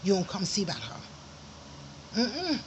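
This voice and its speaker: A woman's voice: mid-range voice, huge pitch swings, a little slow, highs cut off, a little hiss or hum. A woman telling a family story in an angry personal monologue, profane and emphatic, flaring into heated outbursts.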